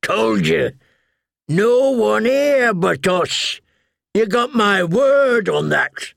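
A hard-bitten old man speaks in short, clipped phrases, drawn out and slow, as a male storyteller puts him on. The voice sits higher than the narrator's own. It sounds dry, close and unechoing. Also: lively intonation, vocal fry, a bit bright, dry recording, full character voice. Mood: stubborn. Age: older. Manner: terse, clipped, drawling. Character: gruff older man, a hard-bitten recruiter.

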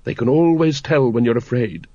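A man's voice: medium pitch, moderate pace, mellow, no echo, dull audio, close to an everyday voice. A man voicing a confident aristocratic woman who breeds dragons, matter-of-fact and practical. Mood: brisk.

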